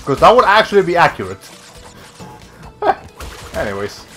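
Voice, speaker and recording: A man's voice: on the high side, sing-song, measured pace, music in the background. Rambling man streaming a game. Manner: rambling, self-interrupting, with many fillers. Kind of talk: casual gameplay commentary.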